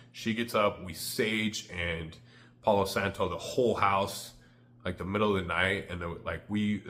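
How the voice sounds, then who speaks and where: Deep-voiced man rambling through a confession. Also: a bit bright, slight background noise. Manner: rambling, full of "like" fillers. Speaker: vlogger. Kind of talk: candid confessional storytelling.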